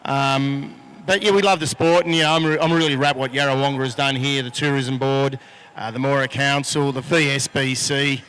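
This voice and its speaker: A man's voice: mid-range voice, fairly even intonation, normal speed, fairly bright tone, clear, resonant tone. A man with an Australian accent, a boat racing driver speaking frankly in a post-race interview outdoors on a handheld microphone. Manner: frank, plainspoken.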